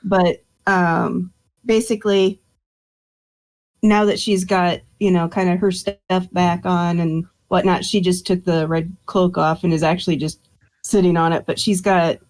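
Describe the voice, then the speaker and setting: A woman player in a tabletop game, describing her character in a meandering way and correcting herself as she goes. Her voice sits somewhat low. She is heard over an online voice call. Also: darkish tone, poor audio.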